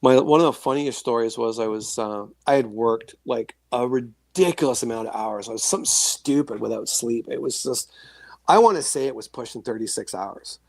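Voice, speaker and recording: A guest author shares paranormal experiences in a casual storytelling interview, rambling through animated anecdotes full of fillers, restarts, and self-corrections. His gravelly, creaky voice has medium pitch and normal speed. The recording is close and dry, with no room sound or echo.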